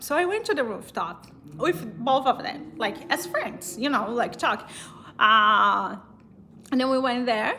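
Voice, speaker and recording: A woman with a Brazilian accent recounts a personal story in a loose, chatty way, often laughing and restarting her sentences. Her voice is bright and sits a little high. A faint hum of noise runs under the recording. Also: expressive, unhurried. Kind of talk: casual storytelling.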